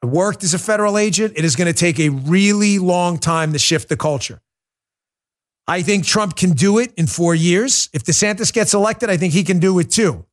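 A man hosts a political talk show with a high, fired-up voice. He talks emphatically and combatively, and he often lapses into mocking impressions of his opponents. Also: moderate pace. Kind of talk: fiery political commentary.

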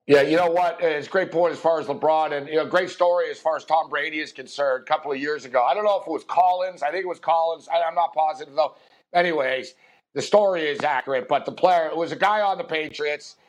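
A male podcast host chats about games in a loose, rambling way, full of fillers. His voice sits a little high. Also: quick pace. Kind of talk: casual sports betting chat.

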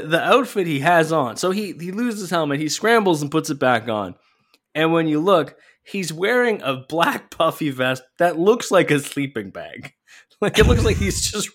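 A man hosting a podcast, telling a story in an animated, profane, casual way. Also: fairly high pitch. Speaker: podcast host. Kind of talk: casual chat.

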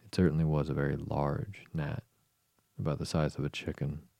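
A man narrating an audiobook in a measured, even way. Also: rumbling low, vocal fry, no room sound, muffled recording.

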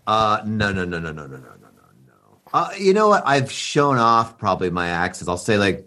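A comedian guest talking casually, deadpan and jokey. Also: male voice, low voice, a little fast. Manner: deadpan, jokey, slips into comic accents. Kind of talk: casual chat.

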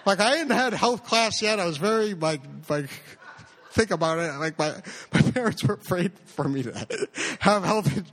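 Stammering storyteller man, slightly high voice. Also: normal speed. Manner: stammering, repeats words, animated impressions. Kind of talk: live personal storytelling.

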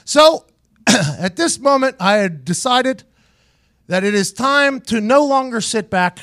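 A man hosting his podcast, telling a story in a casual, animated and profane way, laughing often. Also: very high-pitched, unhurried, no room sound, studio quality. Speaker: host.

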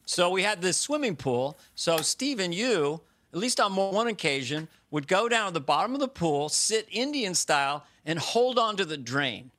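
A man appearing as a comedian guest over a video call, chatting casually as a playful, animated storyteller. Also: high voice, moderate pace, few pauses. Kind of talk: casual talk show chat.

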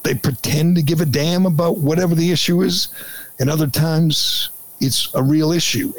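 A man's voice: on the high side, a little mellow, husky, rough recording. A man hosting a podcast, giving sarcastic, incredulous opinion commentary in a ranting manner. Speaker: podcast host.

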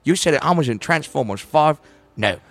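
A man's voice: on the high side, animated, brisk, a bit bright, no echo. A man voicing a pompous, elderly male actor who is huffy and affronted, in an improvised comedy sketch.

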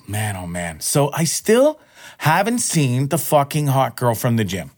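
A man's voice: mid-range voice, very animated, slow pace. A man in his forties hosting a solo podcast, rambling in a profane, self-mocking way. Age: 40s. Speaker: podcast host. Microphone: podcast microphone.

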